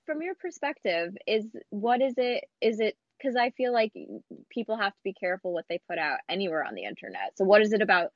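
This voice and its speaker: A woman co-hosting a podcast, mostly adding short agreements and quick questions in casual chat. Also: mid-range voice, expressive, dry recording, muffled recording. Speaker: podcast co-host.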